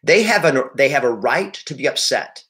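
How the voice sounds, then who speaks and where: A man delivering live motivational sales coaching in an average-pitched voice. He talks with high energy, hammering key phrases more than once. He speaks directly to his audience throughout. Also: lively intonation, moderate pace, a bit bright. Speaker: real estate sales coach.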